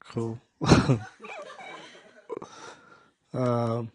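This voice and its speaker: A male stand-up comedian doing a set, loud and profane, working the crowd. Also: on the high side, normal speed. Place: comedy show stage.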